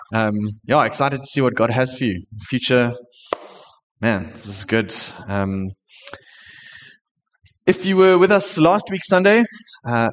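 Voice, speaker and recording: Male pastor, sincere sermon delivery, mid pitch, hesitant pauses, big hall reverb. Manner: earnest, sincere, with frequent hesitations. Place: church hall.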